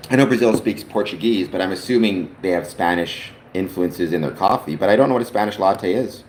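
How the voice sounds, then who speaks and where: A man's voice: low-pitched, fairly quick. Chatty Canadian man in an echoey room. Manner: rambling, chatty, talks to his father on the stream. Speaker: livestream host. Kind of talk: casual chat. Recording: roomy echo, faint background noise.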